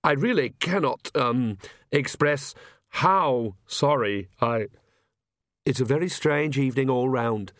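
A man's voice: medium pitch, takes it slowly, a bit bright, dry recording, clean studio sound. A man voicing a nervous young male priest who stammers and apologizes. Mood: flustered.

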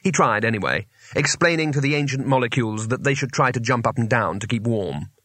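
A man narrating an audiobook in a lively storytelling manner. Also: mid-range voice, fairly quick, dry recording. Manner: animated, varied storytelling.

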